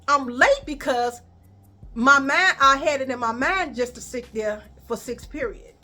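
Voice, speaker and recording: A woman with a Chicago accent telling a storytime vlog, animated and profane, talking to viewers as y'all. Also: high voice, a little slow.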